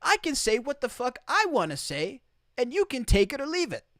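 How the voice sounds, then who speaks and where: A man's voice: extremely high pitch, huge pitch swings, moderate pace, a bit bright, dry recording, clean studio sound. A man hosting opinionated live commentary from outside the United States, emphatic and repeating his key phrases. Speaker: commentary streamer.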